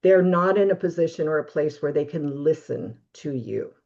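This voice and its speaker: A woman guest giving steady, practical advice in a webinar interview over a video call. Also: low-pitched, moderate pace, creaky, highs cut off. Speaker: guest expert on relationships.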